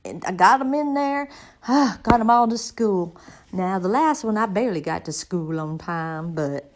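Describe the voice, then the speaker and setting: A woman's voice: medium pitch, lively intonation, a little slow. A middle-aged woman telling a rambling, folksy comic story in a casual monologue.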